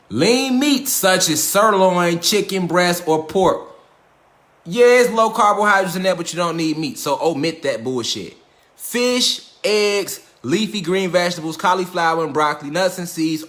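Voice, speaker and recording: Guy lecturing on a live stream, cussing a lot, pretty high voice, roomy echo. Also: fairly bright tone. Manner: profane, streetwise and emphatic; repeats rhetorical questions to the audience.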